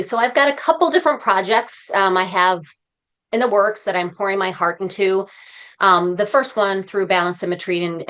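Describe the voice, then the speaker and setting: A woman's voice: on the low side, a bit bright. A woman speaking as a podcast guest, talking in an earnest, heartfelt and encouraging way. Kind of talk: conversational interview.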